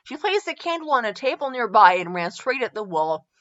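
A woman's voice: fairly high pitch, very animated, a little fast, fairly bright tone. A woman reading a parody fan story aloud, amused, often correcting herself. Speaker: fanfiction reader. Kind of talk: amused casual read-aloud. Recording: dull lo-fi recording.

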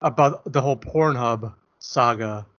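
A male podcast co-host rambles through casual, jokey, self-deprecating chat. His mid-range voice moves at a measured pace with a fairly bright tone, and the audio is dull and lo-fi.

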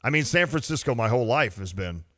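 A man's voice: medium pitch, quick pace. A man hosting a sports radio show, talking animatedly and whining playfully in casual sports talk. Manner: animated, self-mocking whining.

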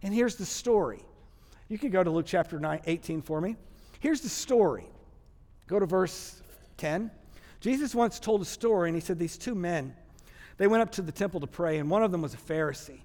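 Animated Texan preacher in a hall. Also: male voice, high-pitched, brisk. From Texas. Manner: animated, humorous storytelling preacher. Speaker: pastor. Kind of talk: sermon. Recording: long hall reverb.

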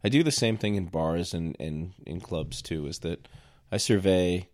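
A man's voice: low voice, measured pace, a little mellow. A man bantering casually, joking and swearing while mocking himself. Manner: joking, self-mocking, profane.

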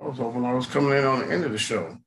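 A man's voice: mid-range voice, very fast, fairly bright tone, a little hiss or hum. A man co-hosting a podcast who banters in a laid-back, joking way. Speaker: podcast co-host.

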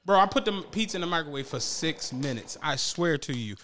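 A man co-hosting a podcast who tells a long story in casual chat, profane and animated, laughing often and acting out what people said. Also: a little high, fairly quick, a little hiss or hum. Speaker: podcast co-host.

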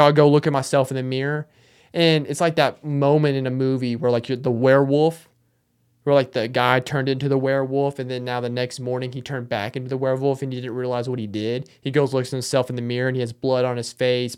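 A man's voice: mid-range voice, clean tone. A young man talks on his own podcast in a loose, meandering way, poking fun at himself. His voice sits in an ordinary middle register. The delivery is casual and unscripted. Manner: joking, rambling, self-mocking. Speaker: podcast host. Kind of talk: casual solo monologue.

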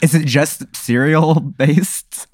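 Deadpan man asking wry questions. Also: on the high side, slow, no echo, studio quality. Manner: deadpan, skeptical follow-up questions. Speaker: podcast guest. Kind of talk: casual chat.

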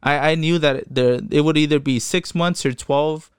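The voice is a young man's, a little high, clear and resonant, at a moderate pace in a dry, clean studio recording. He recounts his own story casually and profanely, rambling and restarting while doing voices for the people he quotes.

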